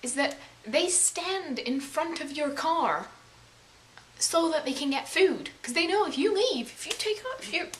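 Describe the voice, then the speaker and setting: High-pitched teen girl vlogging a wild story, swears a lot, yells bits, light hiss. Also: a little slow. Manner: dramatic, animated storytelling with swearing and bursts of yelling. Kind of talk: casual storytelling.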